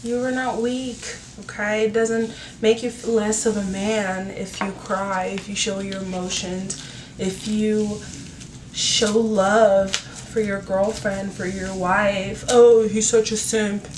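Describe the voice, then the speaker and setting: A woman's voice: mid-range voice, flat delivery, slow pace. Female host, earnest casual advice chat with lots of fillers, recorded distant with faint hiss. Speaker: YouTube talk host. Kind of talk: casual advice talk while doing her hair. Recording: roomy, from a distance, faint noise.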